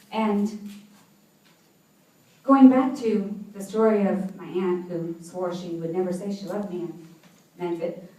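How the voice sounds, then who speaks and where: In an event hall before a seated audience, a motivational speaker with a medium-pitched, mellow voice delivers an inspirational talk, sharing personal stories and laughing often. The recording is echoey, her voice coming from a distance.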